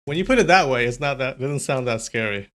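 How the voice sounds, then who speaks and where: A man's voice: medium pitch, animated, fairly quick, fairly bright tone. A man hosting a live stream, chatting casually with his viewers and often laughing. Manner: chatty, amused, talks to chat.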